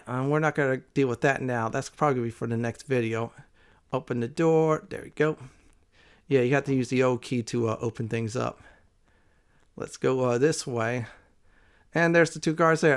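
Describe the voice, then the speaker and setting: Man with a smooth, resonant voice. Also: mid-range voice. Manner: rambling, frequent "uh" fillers. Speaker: let's play host. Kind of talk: casual gameplay commentary.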